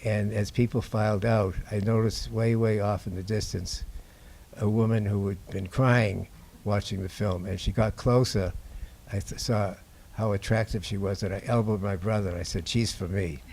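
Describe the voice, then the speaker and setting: Older man, mellow low storytelling voice. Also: fairly even intonation, creaky. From Boston, USA. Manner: halting, unhurried storytelling. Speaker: documentary filmmaker. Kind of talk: anecdotal talk to an audience. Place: indoor screening before an audience.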